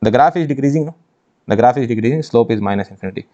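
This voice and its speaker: A man's voice: mid-range voice, rapid-fire, warm tone. A man teaching engineering maths in an online exam-prep lecture, emphatic, repeating phrases and asking rhetorical questions. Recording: dull lo-fi sound.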